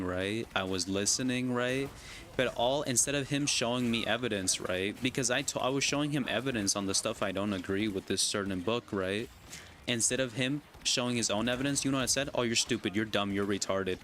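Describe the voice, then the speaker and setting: Man, lowish voice, casual gaming-stream rant, argumentative, repeats "right?", faint background noise. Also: fairly bright tone. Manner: argumentative, constantly asks "right?" and "you know?".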